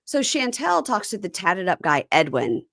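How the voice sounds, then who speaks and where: A woman's voice: medium pitch, normal speed, creaky, no echo, studio quality. A woman podcast host chatting casually, recapping a reality show and acting out the cast's lines. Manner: animated storyteller, acts out quotes from the show.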